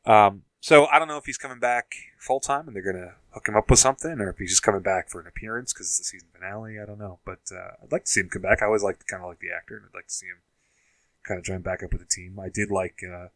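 A man's voice: on the low side, steady tone, fast talker, fairly bright tone, dry recording, poor audio. A man co-hosting a casual podcast chat about TV shows, rambling with lots of fillers and asides. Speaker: podcast co-host.

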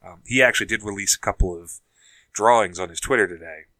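A man's voice: fairly low pitch, fast talker, sharp tone, no echo, rough recording. A man co-hosting a casual podcast chat about TV shows, rambling with lots of fillers and asides. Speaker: podcast co-host.

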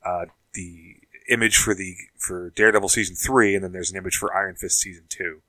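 A man's voice: sits low, steady tone, fairly quick, bright, forceful tone, no echo, poor audio. A man co-hosting a casual podcast chat about TV shows, rambling with lots of fillers and asides. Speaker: podcast co-host.

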